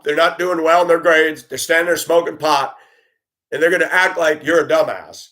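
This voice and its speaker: A man telling stories about his years as a school bus driver, blunt and animated, acting out the voices he quotes. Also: on the high side. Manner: blunt, plain-spoken. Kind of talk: storytelling monologue.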